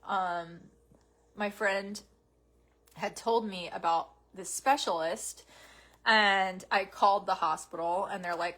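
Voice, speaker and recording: A woman vlogger chatting casually to camera as she opens fan packages, talking softly with many pauses and fillers. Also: mid-range voice. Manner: soft, halting and tearful, with many fillers. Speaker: vlogger opening fan mail. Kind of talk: casual unboxing chat to camera. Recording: faint background noise with package crinkling.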